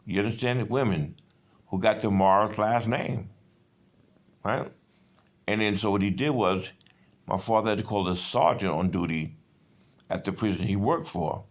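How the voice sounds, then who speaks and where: A man in his fifties delivers a rambling personal monologue in a fairly low voice at a moderate pace, with long pauses. Agitated and profane, he hops from one story to another.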